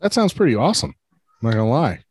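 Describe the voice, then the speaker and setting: Lively, jokey male podcast co-host. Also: medium pitch, fast talker, husky, dry recording. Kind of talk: casual chat.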